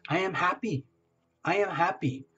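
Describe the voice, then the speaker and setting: Male reader voicing an overeager client, boastful and raring to go, pitched up, lo-fi. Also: breathy edge, exaggerated voice. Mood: determined. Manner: excited, boastful, rushing. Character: fired-up overeager client, man.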